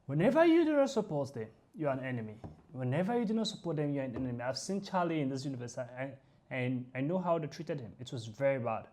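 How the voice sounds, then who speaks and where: A woman ranting through a reaction video, emphatic and indignant, repeating her points forcefully. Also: very deep voice, sing-song, fast.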